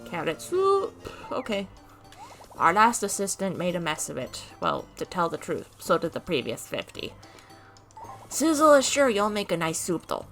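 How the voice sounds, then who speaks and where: A woman's voice: on the low side, wildly swooping pitch, moderate pace, creaky, fairly bright tone, soft background music, heavily acted. A woman voicing a fluffy male creature sous chef in a video game, who speaks of himself in the third person. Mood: eager, reassuring.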